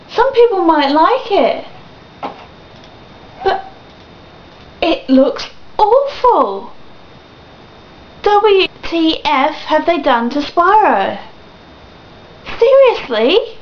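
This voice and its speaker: High-voiced young woman ranting. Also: slow pace, pauses often. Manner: animated, swearing, laughing often. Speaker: vlogger. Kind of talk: ranting video blog. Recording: dull lo-fi webcam audio.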